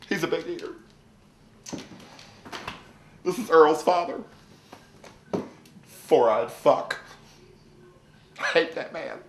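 Someone playing a wailing, self-pitying trailer-park wife. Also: a bit bright. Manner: melodramatic, wailing pitch leaps, self-pitying, crude. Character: distraught, whiny trailer-park wife named Mary. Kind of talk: parody video monologue, home tour. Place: indoors at home, house tour. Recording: echoey room.

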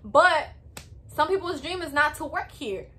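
A woman's voice: sits high, animated, measured pace, pushed and bright. A woman in her twenties with a Hispanic American accent, giving work advice in a chatty, peppy, repetitive vlog style. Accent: Hispanic American English.

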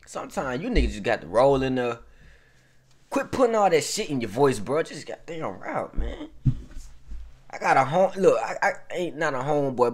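Brief: male reaction host, just up, loose and profane, lively animated delivery. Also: fairly high pitch. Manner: rambling, profane, talks straight to viewers. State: just woken up. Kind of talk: casual reaction commentary.

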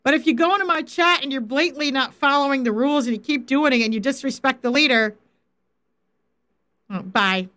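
This middle-aged woman, a faith coach, delivers a Bible lesson on a livestream and speaks firmly and directly to viewers in the chat. She sounds high-pitched, bright, and forceful, and talks fairly quickly.

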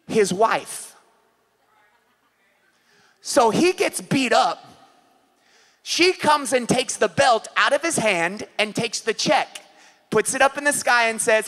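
A man with a Californian accent preaches a sermon in a very high voice. His tone is bright and ringing, and he keeps pushing into loud, impassioned shouts as he acts out scenes for the congregation. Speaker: pastor. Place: church service.

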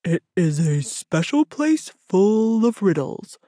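A woman voicing a cheerful, friendly male bear in a children's audiobook, warm and enthusiastic. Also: fairly low pitch, sing-song, slow, dry recording, studio quality, heavily acted. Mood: kind.

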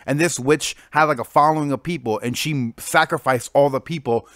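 A young man hosting casual comic book reviews, excited and slangy, full of fillers. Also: on the high side, a little fast, dry recording, clean studio sound. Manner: excited, slangy, lots of "like" and "freaking".

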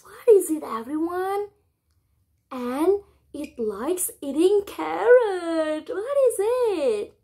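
A woman's voice: high voice, lively intonation, very slow, mellow. A young woman giving a kindergarten practice lesson in an exaggerated sing-song manner, imitating animal sounds for young children. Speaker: kindergarten teacher.

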